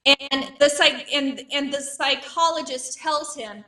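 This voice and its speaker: A woman's voice: high voice, slow, hardly any pauses, pushed and bright, recorded from a distance. Woman with a stutter doing stand-up. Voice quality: stutters, with repeated sounds and blocks. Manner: wry, self-mocking delivery. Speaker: stand-up comedian. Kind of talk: stand-up comedy set.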